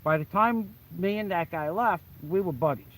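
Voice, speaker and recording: A man telling a story from his past in a blunt, animated way, swearing constantly and often restarting his sentences. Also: high-pitched, moderate pace, rough recording. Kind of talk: casual profane storytelling. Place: the Philippines.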